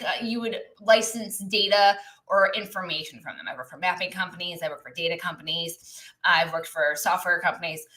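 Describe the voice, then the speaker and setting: Bright-voiced woman coaching on a live stream. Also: mid-range voice, low-quality recording. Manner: chatty, reflective, many fillers and asides. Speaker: business coach. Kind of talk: live-stream teaching talk. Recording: live online broadcast.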